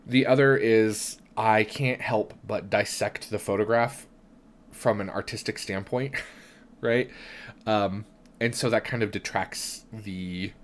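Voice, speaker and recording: A young adult man hosts a tarot live stream in a lowish voice, chatting in a reflective way, often checking in with "right?" and restarting his sentences. He has hiccups, and there's slight background noise behind his casual live-stream talk.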